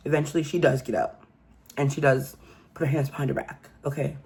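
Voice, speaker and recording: A woman's voice: sits low, steady tone, fairly quick, a little mellow. A woman giving a casual true crime commentary, telling the story emphatically and incredulously and often asking "okay?".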